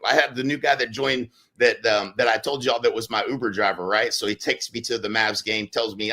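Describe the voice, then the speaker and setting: A man speaks in a bright, forceful voice. He talks casually and keeps things animated, breaking into loud acted-out quotes as he tells stories on a podcast. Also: lowish voice, brisk, hardly any pauses. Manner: animated, acts out quotes with sudden loud bursts. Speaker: real estate brokerage leader on a podcast.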